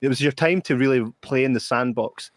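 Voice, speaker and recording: A Scottish man co-hosting a podcast in casual chat, who tells animated stories, laughs through them and swears freely. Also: medium pitch, fairly quick, dry recording, clean studio sound. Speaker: podcast co-host.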